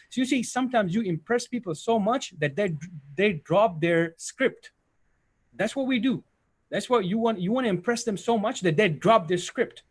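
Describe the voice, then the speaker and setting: A man teaching a live IT training session, talking casually to his students, often rambling and correcting himself mid-sentence. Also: high-pitched. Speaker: IT instructor. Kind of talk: live software training walkthrough.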